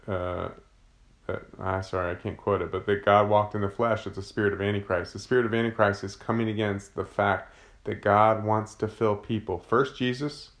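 A man, a father of young children, teaching an informal Bible study in a conversational way, often restarting and searching for words. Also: on the low side.

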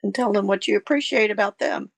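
A woman's voice: mid-range voice, fast talker, gravelly, slightly rough, no room sound. A woman chatting casually during a faith podcast discussion.

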